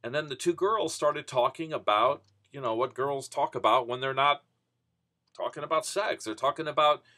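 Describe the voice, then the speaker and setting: A man's voice: mid-range voice, normal speed, sharp tone. A man casually telling a rambling personal story, full of "you know" and restarts. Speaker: vending business vlogger.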